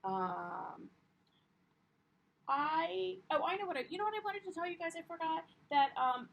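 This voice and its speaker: A woman's voice: very high-pitched, sing-song, unhurried, creaky, a bit bright, a little hiss or hum, low-quality recording. A young woman teaching a primary class, upbeat and encouraging, with frequent ums as she explains the lesson. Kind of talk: classroom read-aloud lesson.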